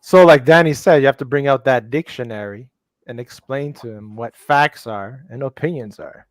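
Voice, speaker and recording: A man's voice: mid-range voice, normal speed, no room sound. A man chatting as a guest on a live stream, telling stories animatedly and acting out quotes. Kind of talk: casual storytelling chat.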